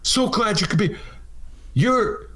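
A man's voice: high-pitched, lively intonation, takes it slowly, sharp tone, voice pushed up, heavily acted. A man voicing a fawning male restaurant owner who gushes over the mayor in an overeager, sing-song way.

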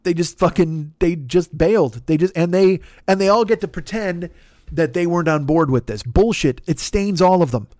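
A man delivers a profane, comedic rant on a podcast, sounding fed up and tangling himself in false starts. He talks at a normal speed in a somewhat mellow voice that sits a bit high for a male. The audio is dry and close-miked, with no sense of a room.

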